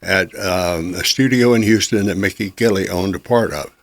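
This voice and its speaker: An older man hosting a chatty interview, reminiscing and quick to agree. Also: low voice, no room sound. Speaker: podcast host, interviewer. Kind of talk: casual interview conversation.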